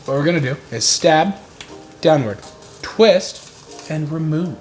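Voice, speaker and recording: A man's voice: on the high side, lively intonation, moderate pace, long pauses, over music. Joking, profane young man cooking at home. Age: 20s. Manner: joking, profane, self-mocking. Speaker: cooking vlog host. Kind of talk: casual cooking tutorial. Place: home kitchen.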